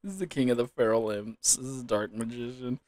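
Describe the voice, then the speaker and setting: A man's voice: mid-range voice, fairly quick, a little mellow, dry recording. A man commentating a quiz casually, giggling helplessly and fighting back tears of laughter. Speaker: gaming YouTuber.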